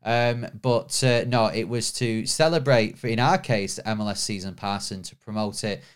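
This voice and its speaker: A man's voice: lowish voice, normal speed, smooth. A man hosting a football podcast, chatting casually and laughing easily. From United Kingdom. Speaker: podcast host.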